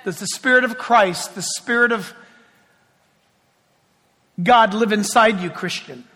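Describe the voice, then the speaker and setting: A man preaching a sermon as pastor, talking conversationally and joking, swinging between loud and hushed. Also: high voice, slow pace. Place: church sanctuary. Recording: long hall reverb.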